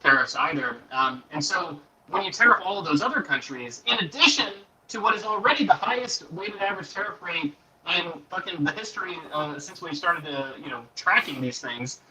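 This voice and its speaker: A man's voice: a little high, animated, fairly quick, a crowd in the background. A man explaining economics in a casual panel chat, rambling with hedges, on a poor microphone. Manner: rambling, hedging with fillers. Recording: poor distant mic.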